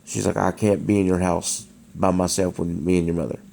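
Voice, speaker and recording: A man's voice: low-pitched, little pitch movement, fairly quick, creaky, dark tone, a little hiss or hum. A man casually telling a story at home, hesitant, with frequent restarts and fillers. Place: dark room at home.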